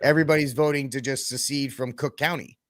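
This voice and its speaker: A man's voice: mid-range voice, fairly even intonation, fast talker. A man co-hosting a podcast in casual chat, with a wry, sarcastic way of telling stories. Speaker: podcast co-host.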